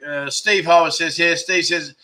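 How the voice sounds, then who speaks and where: This man's voice is on the high side with a sharp tone, fairly even intonation and normal speed. He hosts a casual livestream from Pattaya, Thailand, reading viewer donations and thanking people gratefully with lots of restarts.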